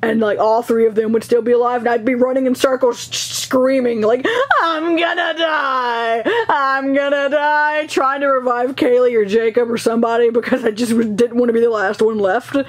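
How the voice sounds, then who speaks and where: A young woman vlogger telling stories casually, animated and laughing as she acts out dialogue. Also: fairly high pitch, brisk, hardly any pauses. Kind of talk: casual storytelling.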